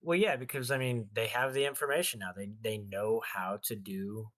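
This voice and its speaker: A man's voice: on the low side, fairly even intonation, moderate pace, a bit bright. A man in a casual podcast chat, ranting bluntly and crudely. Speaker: podcast co-host.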